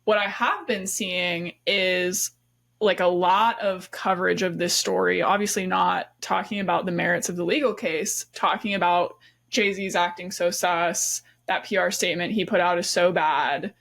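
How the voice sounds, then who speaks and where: A woman co-hosting a podcast in casual chat, animated and chatty and quick to laugh. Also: fairly low pitch, gravelly. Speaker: podcast co-host.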